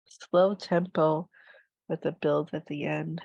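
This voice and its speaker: A woman reviewing tech in a casual, thinking-aloud way, drowsy and unhurried, hesitant with many fillers. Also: deep voice, fairly even intonation, creaky, darkish tone, breathy edge, no room sound, poor audio.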